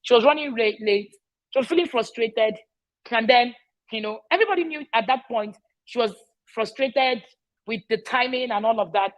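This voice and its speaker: At normal speed and on the high side, a middle-aged parenting educator talks casually to parents. She speaks emphatically, repeats important phrases and regularly asks "all right?", though the recording quality is low.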